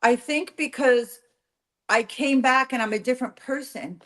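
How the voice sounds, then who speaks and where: A middle-aged woman talks openly as a guest on a talk show. She is earnest and emotional, and she keeps her voice soft. Her pitch sits a little high for a woman. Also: a little slow. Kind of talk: candid talk-show chat.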